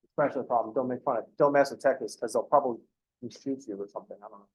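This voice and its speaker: A man's voice: mid-range voice, rapid-fire, a little mellow, breathy edge. A man teaching a math class, explaining step by step and breaking off into joking asides. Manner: joking asides, self-interrupting. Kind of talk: classroom lecture.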